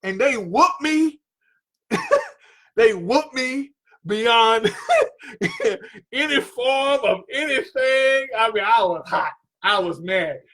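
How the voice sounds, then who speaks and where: A man's voice: very high voice, animated, takes it slowly, long pauses, pushed and bright. A man hosting a talk radio show, telling a personal story in an earnest way, repeating himself and straining his voice when he gets worked up.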